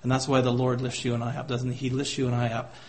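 Earnest male preacher with flat delivery. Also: mid-range voice, fast. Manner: earnest, adds rhetorical tag questions; quotes scripture in old-fashioned wording. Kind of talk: sermon. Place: church gathering.

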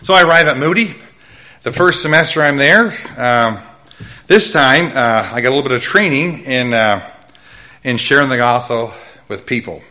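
Man preaching his testimony, lo-fi. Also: normal speed. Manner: animated storytelling with sudden pitch jumps; loud voice. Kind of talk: testimony sermon.

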